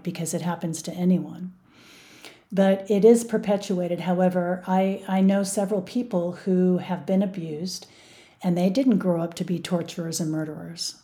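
A woman's voice: fairly low pitch, fairly even intonation, moderate pace, warm tone. A middle-aged woman speaking earnestly and with emphasis as an interview guest. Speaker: guest, mother of a victim. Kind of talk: interview conversation.

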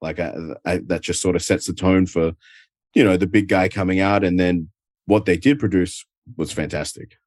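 Deep aussie guy from adelaide, laid back chatty interview talk, lots of likes and ums. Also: steady tone, normal speed, darkish tone, dry recording, clean studio sound. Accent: Adelaide Australian. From Australia. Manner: easygoing, rambling, lots of filler words. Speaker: guest, professional wrestler. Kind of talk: casual interview chat. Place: at home.

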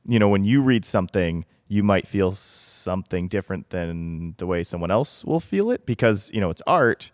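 Male podcast host, low voice, playful and curious, dry close sound. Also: expressive, normal speed, hardly any pauses, no room sound. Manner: joking, self-deprecating, curious questions. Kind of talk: podcast conversation.

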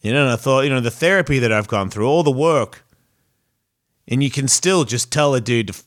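A man's voice: medium pitch, brisk. Male podcast host, casual monologue: rambling, foul-mouthed, introspective, frequent false starts. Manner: rambling, profane, self-reflective, restarts often.

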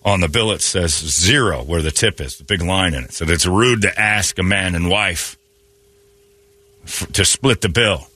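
A man hosting a morning radio show, telling animated stories and acting out the people in them in a casual, joking way. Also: deep voice, normal speed, no echo. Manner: animated storytelling with laughs and acted-out quotes.

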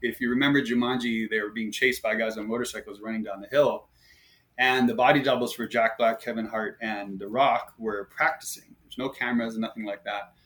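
A man from Hawaii who works on a ranch, chatting casually in an interview and telling stories with relaxed, frequent fillers. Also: lowish voice, a little fast. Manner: storytelling, lively when amused. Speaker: ranch staff guest.

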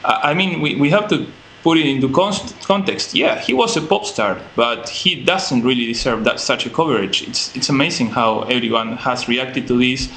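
A man's voice: mid-range voice, normal speed, vocal fry, fairly bright tone, a little hiss or hum. A man in a casual podcast discussion, giving strong opinions with hesitant fillers. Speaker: podcast co-host.

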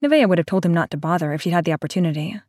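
A woman narrating a novel aloud in a steady, even storytelling manner. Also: on the low side, rapid-fire, no echo, clean studio sound. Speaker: audiobook narrator. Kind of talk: scripted narration.

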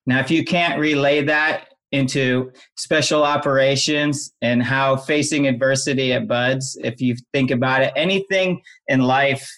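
A man's voice: medium pitch, steady tone, unhurried, few pauses, fairly bright tone. A man talking as a guest on an interview podcast. His voice sits in an ordinary mid range. He tells his story earnestly and leans on key points. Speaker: podcast guest, apparel brand founder.

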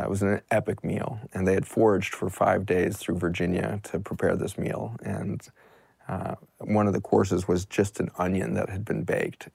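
A man's voice: low voice, gravelly, a little mellow, husky, no room sound. A middle-aged man, a doctor, giving an earnest, impassioned storytelling talk and posing rhetorical questions. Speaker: doctor and guest speaker.

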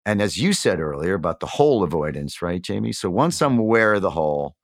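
A man in his fifties from New York, a guest in a candid interview, telling his story earnestly and reflectively with animated emphasis. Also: low voice, a little fast, no room sound, studio quality. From New York, USA. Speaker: podcast guest.

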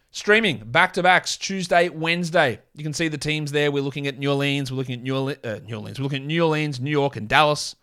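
A man with an Australian accent hosting a solo fantasy basketball podcast, rattling off player lists and quickly correcting himself. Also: on the high side, pushed and bright, clean tone. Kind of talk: casual solo podcast talk.

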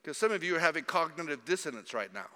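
A man preaching in a church, his voice high and very bright. He swings from hushed asides to loud, mocking jabs. The sound carries a long reverb from the church hall. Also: animated, quick pace. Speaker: pastor. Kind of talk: sermon.

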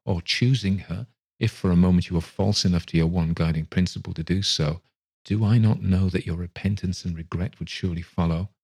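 A man reads the part of a young woman speaking softly and with quiet steadiness, hurt but composed. The voice stays low and strikingly smooth, a storybook reading. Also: fairly quick, heavily acted. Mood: gently sorrowful. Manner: soft and gentle, steady. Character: gentle young woman releasing her sweetheart.

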